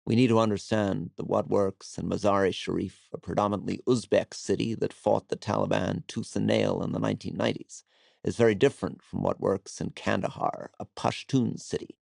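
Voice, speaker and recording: A man's voice: lowish voice, fairly even intonation, fairly quick, gravelly, a little mellow, dry recording, studio quality. A man voicing a long-winded male politician who lectures at length. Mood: lecturing. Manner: lecturing, self-important.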